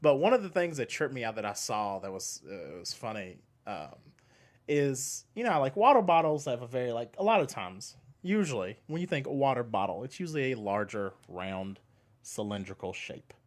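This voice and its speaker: Male podcast co-host, lively swinging pitch, loose profane chat, quick to laugh. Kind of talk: casual chat.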